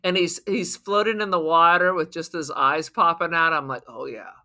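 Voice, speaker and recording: A woman's voice: lowish voice, moderate pace, sharp tone. A woman co-hosting a podcast, talking bluntly and playfully about a horror film, with casual swearing. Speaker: podcast co-host.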